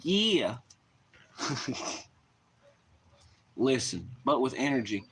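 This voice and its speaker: A man's voice: fairly high pitch, normal speed, sharp tone, a little hiss or hum. A man with a Southern US accent chatting casually on a live stream, rowdy and profane, rambling in folksy slang.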